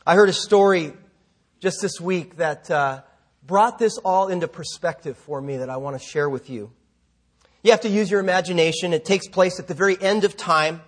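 This middle-aged male pastor has a high voice and speaks at normal speed. His sermon shifts from relaxed, self-mocking asides to a vividly narrated story.

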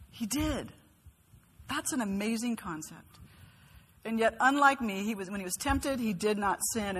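Woman preacher with a slightly high, breathy voice; earnest sermon, asks the room questions, reverberant hall. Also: fairly bright tone.

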